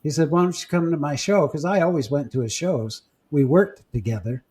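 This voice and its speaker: A man podcast host in casual chat, telling stories with halting restarts and fillers. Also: a little high, a little mellow, breathy edge. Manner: storytelling, halting with repeats and fillers.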